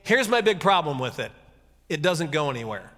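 A man giving a casual, conversational sermon, retelling a scripture story with jokey asides and animated reading. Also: on the high side, normal speed, in a large hall. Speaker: pastor.

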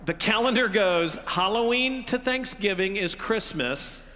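Middle-aged male pastor, bright voice, church hall reverb, casual joking sermon delivery. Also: high voice, expressive, a little slow, slight background noise. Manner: conversational, humorous, acts out listeners' reactions. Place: church sanctuary. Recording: long reverb of a large hall.

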